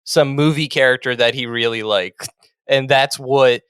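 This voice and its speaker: A man co-hosting a casual podcast, chatty and quick to laugh, often steering the talk with questions. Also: medium pitch, fairly even intonation, fairly bright tone, clean tone, dry recording, studio quality. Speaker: podcast co-host. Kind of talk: casual chat.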